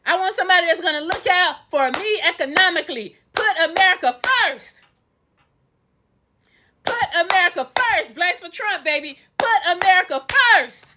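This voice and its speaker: A woman's voice: extremely high pitch, animated, moderate pace, background noise. A woman talking casually to her viewers on a phone livestream, emphatic and full of sing-song repetitions. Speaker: livestreamer and real estate instructor.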